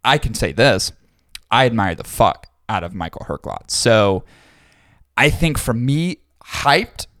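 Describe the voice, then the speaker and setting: A man's voice: lowish voice, very animated, slow, a bit bright, no room sound, clean studio sound. A man co-hosting a podcast, chatting casually and thinking aloud with restarts and the odd swear word. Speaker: podcast co-host. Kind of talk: casual chat.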